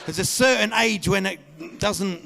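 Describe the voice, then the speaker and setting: Man, stand-up comedian, high voice, animated storytelling, shouted impressions, faint background noise. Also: unhurried, gravelly. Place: comedy stage before a live audience.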